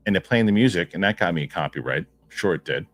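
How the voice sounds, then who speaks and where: A man's voice: low voice, lively intonation, fast talker, a bit bright. A man hosting a live stream, chatting casually and rambling, repeating himself as he reacts to viewer comments. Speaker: host of a film news live stream.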